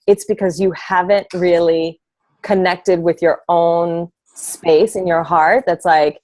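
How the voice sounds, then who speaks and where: A woman's voice: on the low side, fairly even intonation, slow, darkish tone, no echo. A woman coach on a team call, talking casually and emphatically with lots of fillers. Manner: emphatic, filler-heavy, passionate.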